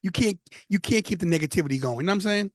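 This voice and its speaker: Racing along in a high voice with no echo, a Brooklyn man in his fifties with a New York accent chats casually as a podcast guest. He's a former wrestler, and his storytelling is animated and emphatic, marked by phrases he repeats.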